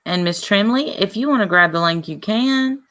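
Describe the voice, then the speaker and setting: A woman's voice: medium pitch, moderate pace. A woman hosting a livestream in casual, rambling chat with lots of asides. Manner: chatty, rambling, lively asides. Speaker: livestream host.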